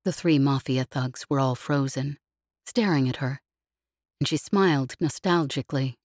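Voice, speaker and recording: A woman reading an audiobook in a steady, even storytelling manner. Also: very deep voice, normal speed, no room sound, studio quality. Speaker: audiobook narrator. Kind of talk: scripted narration.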